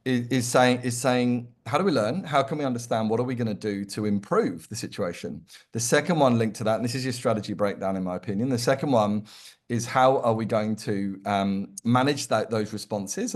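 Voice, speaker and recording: A man speaking as an interview guest, giving practical advice with energy and emphasis. He slips into little acted-out quotes to make his points. His voice sits at an ordinary pitch for a man. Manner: animated, emphatic, acts out quoted lines. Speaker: employer brand consultant, guest. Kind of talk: conversational interview answer.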